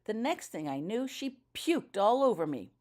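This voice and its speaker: A woman's voice: medium pitch, big pitch swings, moderate pace, darkish tone, pitched above the performer's own voice, natural voice. A woman voicing an irritable, blustering male wizard guard in a fan fiction audiobook reading. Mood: storytelling. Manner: snappish, defensive, blustering.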